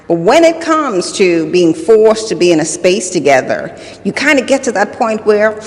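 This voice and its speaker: A woman hosting a motivational talk, telling a personal story earnestly and repeating her phrases for emphasis. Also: fairly low pitch. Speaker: host. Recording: long reverb.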